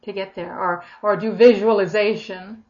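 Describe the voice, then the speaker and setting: A middle-aged woman giving an informal sermon, lively and expressive, acting out the voices she quotes. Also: mid-range voice, normal speed. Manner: animated, acts out quoted voices with big swings in loudness. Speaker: preacher. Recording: dull lo-fi recording.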